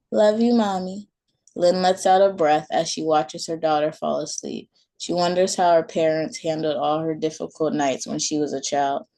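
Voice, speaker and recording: Calm woman reading her own story. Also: deep voice, vocal fry. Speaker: author and storyteller.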